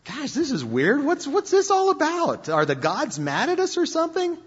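A man voicing panicky, bewildered male sailors who shout in alarm and indignation. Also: very high voice, huge pitch swings, normal speed, voice pushed up, exaggerated voice. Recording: dull lo-fi sound with long hall reverb.

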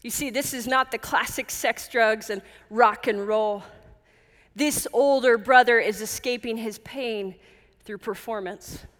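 Woman pastor, higher voice, earnest measured sermon delivery, church hall reverb. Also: a bit bright. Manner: earnest, measured, with emphatic repetition.

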